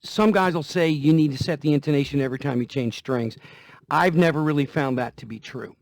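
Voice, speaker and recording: A guitar vlogger with a slightly high, darkish voice speaks briskly. His casual demonstration on guitar care is folksy and repetitive, and guitar playing can be heard occasionally.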